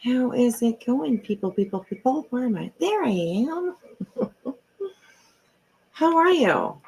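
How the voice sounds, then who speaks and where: Middle-aged woman rambling on a home livestream, gravelly kinda husky voice, swears a lot. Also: fairly high pitch, animated, slow, a little mellow, low-quality recording. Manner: rambling, swears freely, chatty asides. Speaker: livestream host. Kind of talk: casual livestream chat. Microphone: computer mic.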